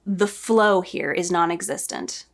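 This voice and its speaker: A woman's voice: on the low side, measured pace. A woman casually reviewing a show against the book, sarcastic and exasperated as she reacts.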